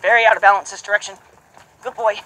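Woman horse trainer, bright clear tone, explains each step, soft soothing murmurs to the horse, hoofbeats behind, faint background noise. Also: medium pitch, steady tone, fast, poor audio. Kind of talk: narrated training session. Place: horse arena or round pen. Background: hoofbeats and horse sounds.

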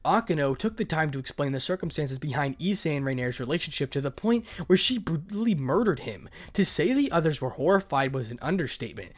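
A man reading a fan fiction story aloud as narrator, dramatic with the odd stumble. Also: on the high side.

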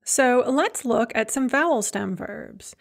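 A woman's voice: fairly high pitch, expressive, takes it slowly, gravelly. A woman lecturer explaining verb endings in a methodical way, with frequent filler words. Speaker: Russian language lecturer. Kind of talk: recorded grammar lecture.

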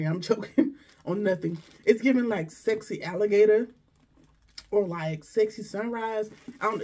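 A woman's voice: lowish voice, darkish tone, breathy edge. A woman vlogger chatting casually through a shopping haul, gushing and exclaiming over each item. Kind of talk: casual unboxing chat.

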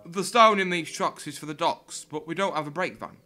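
A man's voice: a little high, brisk, voice pushed up. A man doing a practical yard foreman. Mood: concerned. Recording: loud music under the voice.

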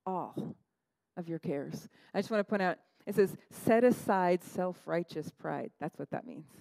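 A woman pastor preaching a sermon, animated, laughing at her own asides and acting out quotes in a higher voice. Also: a little slow, vocal fry, no echo, rough recording.

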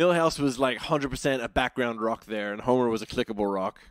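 A man's voice: medium pitch, a little fast. A man with a mid-range voice talks as a podcast guest, hesitant and full of fillers as he works his way through a thought, often chuckling. The recording is close and dry with no room echo. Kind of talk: casual chat.

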